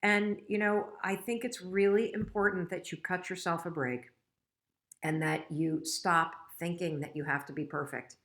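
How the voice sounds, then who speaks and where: A woman's voice: on the low side, a bit bright. A middle-aged woman hosting a casual live stream, talking frankly and motivationally and getting emotional and choked up. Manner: emotional, gets choked up and tearful. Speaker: host.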